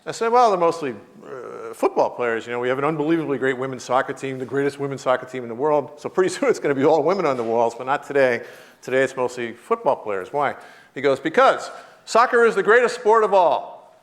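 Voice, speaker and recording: Lively comic storyteller man in his fifties. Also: medium pitch, fast. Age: 50s. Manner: animated, acts out voices in anecdotes, laughs often. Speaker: guest lecturer. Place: university lecture hall.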